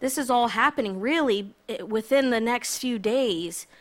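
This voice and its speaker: A woman's voice: a little high, normal speed. A woman filling in as preacher, giving a casual, conversational sermon with self-deprecating asides. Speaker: guest preacher.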